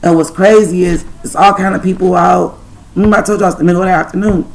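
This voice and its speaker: Gravelly-voiced woman telling a story. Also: on the low side, fairly even intonation, fast, a little mellow, rough recording. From Detroit, USA. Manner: profane, rambling spiritual storytelling. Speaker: channel host. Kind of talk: storytime vlog.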